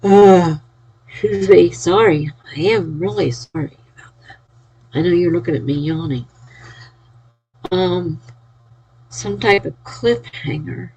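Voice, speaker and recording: A woman's voice: fairly low pitch, unhurried, gravelly, long pauses, a little mellow, breathy edge, muffled recording. A sleepy, yawning woman chatting casually on a live stream, reading out and cheering viewers' chat messages. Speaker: livestreamer.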